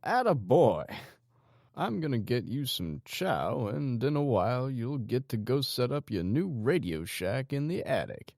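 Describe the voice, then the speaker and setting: A man voicing a cold, menacing male gang leader who talks calmly and slowly. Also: medium pitch, vocal fry, dry recording, clean studio sound, pitched above the performer's own voice, heavily acted. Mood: calm menace. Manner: calm, slow and coaxing.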